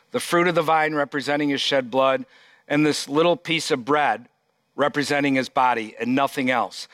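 A man's voice: on the high side, a bit bright, dry recording. A pastor preaching a sermon, reading scripture aloud and stressing his points emphatically.

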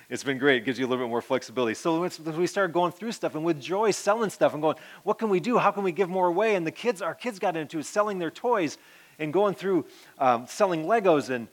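A middle-aged man, a pastor, giving an earnest personal testimony that rambles with restarts and often sinks to a soft murmur. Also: on the high side, animated, brisk.

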